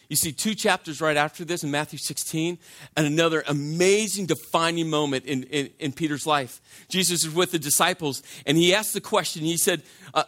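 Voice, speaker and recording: A man's voice: a little high, fairly bright tone. A man preaching a sermon, telling a personal story in a conversational way and repeating phrases for emphasis.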